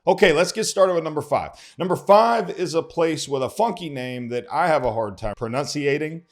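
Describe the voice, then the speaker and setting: A man's voice: on the high side, expressive, moderate pace. A man hosting a casual vlog, folksy and chatty, often repeating words as he goes. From Texas. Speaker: host, local lender. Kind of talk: casual vlog talk to camera.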